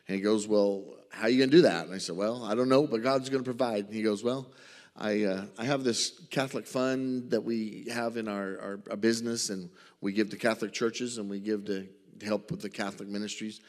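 A man's voice: on the low side, fairly even intonation, brisk, a little mellow. Southern man telling a mission story. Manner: folksy storytelling, acts out dialogue. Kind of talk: church mission report with slides. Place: church sanctuary. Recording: reverberant church hall.

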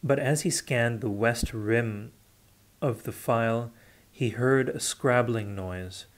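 Slow, steady male audiobook reader. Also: mid-range voice. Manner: steady, with occasional self-corrections. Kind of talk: unrehearsed audiobook narration.

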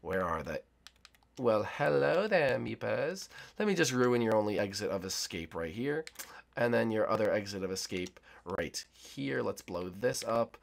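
A young man giving excited, teasing play-by-play commentary on a multiplayer game round, talking to players and viewers. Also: lowish voice, unhurried, gravelly. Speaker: gaming YouTuber.

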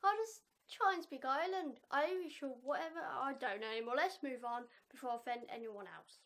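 A young woman with a high, bright-sounding voice chats through a casual reaction vlog. She is animated and pokes fun at herself, breaking into laughter often. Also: fairly quick. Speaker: vlogger.

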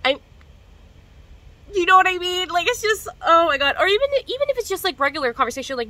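A woman's voice: very high-pitched, big pitch swings, brisk, pushed and bright, low-quality recording. A young woman vlogger in casual chat to camera, slangy and profane, coughing now and then. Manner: chatty, slangy and profane, coughing between hits.

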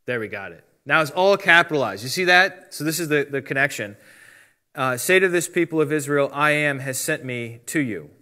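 Bright-voiced man teaching Bible conversationally. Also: a little high, lively intonation, moderate pace. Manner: conversational, explains step by step, reads out translations. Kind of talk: casual teaching talk.

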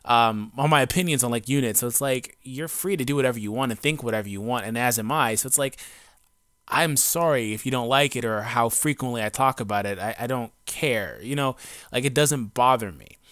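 An adult gaming YouTuber speaks a little fast in a medium-pitched voice that's a bit bright and clean, recorded on a home mic with no echo and clean studio sound. It's an unscripted, casual rant to camera, blunt and defiant, rambling and laced with slang, profanity, and fillers.

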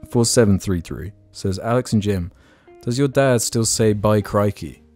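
A man with a lowish voice co-hosts a podcast, rambling casually at normal speed and using lots of fillers in a relaxed way. Faint music plays behind him.

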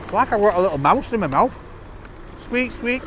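A man's voice: sits high, big pitch swings, very fast, slight background noise. A man reviewing a takeaway meal in a chatty, enthusiastic, jokey way, talking outdoors on a street. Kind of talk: casual food review vlog.

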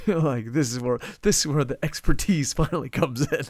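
A man's voice: on the high side, normal speed, a little mellow. A man from New Jersey co-hosting a casual wrestling review, swearing a lot, laughing often and talking emphatically. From United States, New Jersey. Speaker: podcast co-host. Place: lives in Japan.

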